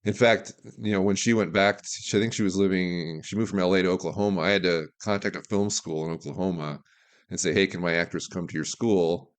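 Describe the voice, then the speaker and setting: A man's voice: deep voice, steady tone, brisk. A man from Alaska, a guest filmmaker telling candid, opinionated behind-the-scenes stories in a casual podcast interview. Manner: candid, opinionated, talks through anecdotes.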